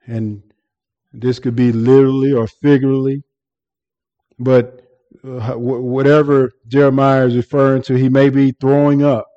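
A man's voice: mid-range voice, level tone, normal speed, mellow, dull audio. A man preaching an earnest expository sermon, often repeating words and restarting as he explains the text.

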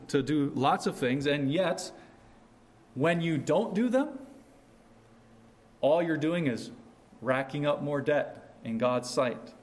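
Slow-spoken earnest male preacher. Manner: slow, earnest, rises high on questions. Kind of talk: sermon.

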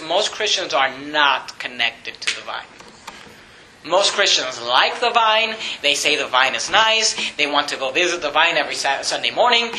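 High bright-voiced preacher in an echoey church. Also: male voice. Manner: animated preaching, rising emphatic repetition. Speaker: pastor. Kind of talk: sermon.

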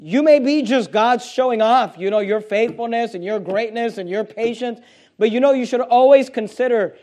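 Male pastor, high-pitched, emphatic sermon delivery with rhetorical questions. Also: normal speed, darkish tone. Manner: emphatic preaching, reading scripture aloud in King James wording; rhetorical questions, frequent restarts.

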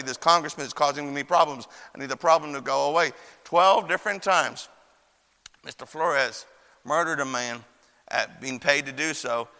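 A man's voice: on the high side, creaky, bright, forceful tone. A young man preaching a sermon in a church chapel, telling stories in a folksy way with plenty of fillers. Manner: folksy storyteller with many fillers and quoted voices. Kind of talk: sermon with storytelling. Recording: long hall reverb.

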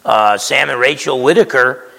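A man's voice: medium pitch, normal speed, vocal fry, bright, forceful tone, long reverb tail. A man preaching a sermon as pastor, conversational and emphatic, often checking in with his listeners.

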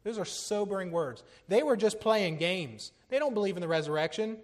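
A middle-aged man preaching, his voice sitting a bit higher than most men's. He presses his points with urgency, then drops low and quiet to let them land, and now and then laughs at himself. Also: animated, moderate pace. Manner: earnest, swinging from urgent and loud to low and hushed; self-deprecating humor with small laughs. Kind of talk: sermon.

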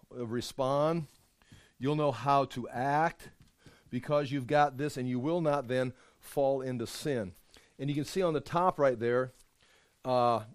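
A man's voice: mid-range voice, a little mellow, dry recording. A man teaching a Bible study in a conversational, emphatic way, often restarting his sentences. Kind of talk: informal Bible study sermon.

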